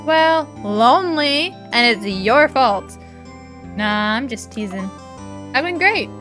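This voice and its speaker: A woman's voice: sits high, lively intonation, brisk, a bit bright, faint music behind. A woman voicing a playful, pouty teenage girl talking to her older sister, read aloud from a game.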